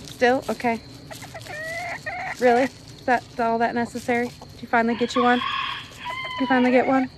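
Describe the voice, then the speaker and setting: A woman's voice: fairly high pitch, huge pitch swings, moderate pace, long pauses. A woman who runs an animal rescue, talking to her pet rooster in cooing, affectionate baby talk. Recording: noisy background with chickens. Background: chickens clucking.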